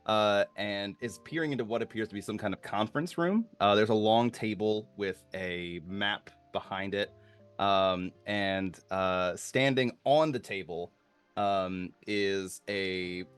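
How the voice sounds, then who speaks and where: A man running a tabletop game as game master, narrating in a halting way with many fillers. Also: lowish voice, clear, resonant tone, faint music behind.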